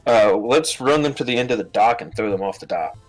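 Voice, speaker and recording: A man's voice: mid-range voice, animated, a little fast, soft background music, low-quality recording. Plainspoken man player. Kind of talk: casual game chat.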